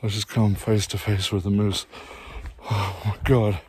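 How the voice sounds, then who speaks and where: Aussie man vlogging outdoors on a phone, shaken and out of breath, low voice. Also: flat delivery, a little slow, darkish tone, breathy edge. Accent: Australian. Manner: breathless, sighing, repeats himself. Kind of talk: handheld outdoor vlog. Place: woods, outdoors. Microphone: phone held in hand.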